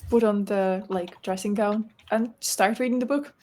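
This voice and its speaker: A woman's voice: mid-range voice, fairly even intonation, normal speed, mellow. A woman playing her character in a tabletop game, chatty and giggly. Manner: chatty, giggly, lots of fillers. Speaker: player. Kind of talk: casual tabletop play.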